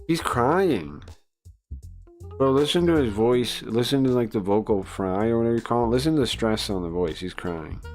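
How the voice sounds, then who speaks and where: A man's voice: medium pitch, lively intonation, normal speed, darkish tone, soft background music. A male live streamer giving blunt, crude, rambling reaction commentary full of fillers.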